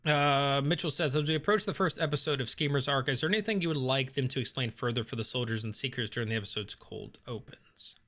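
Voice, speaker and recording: A man with a bright, clear voice hosts a relaxed live stream. He reads viewer comments aloud and answers them in an easy, thinking-aloud way, full of ums and uhs. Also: mid-range voice, fast talker, hardly any pauses. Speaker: host reading live chat. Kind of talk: casual live-stream chat.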